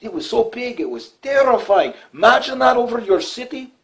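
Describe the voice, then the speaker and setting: A man voicing an excitable Russian man with a mock Russian accent, in a high, strained put-on voice, exclaiming about a huge explosion. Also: normal speed, exaggerated voice. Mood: excited.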